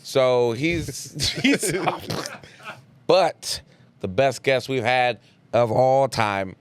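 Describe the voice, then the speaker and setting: Un hombre joven que presenta un pódcast de comedia con charla informal, animado, con jerga y risas frecuentes. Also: male voice, medium pitch, drawn-out words. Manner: upbeat, laughs often, loose slangy delivery. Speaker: podcast host. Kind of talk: casual comedy podcast chat.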